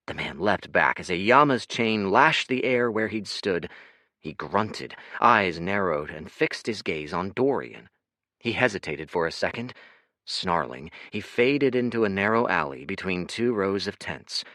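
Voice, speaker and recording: A man narrating an audiobook in an expressive, dramatic reading. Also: low-pitched, dry recording, studio quality.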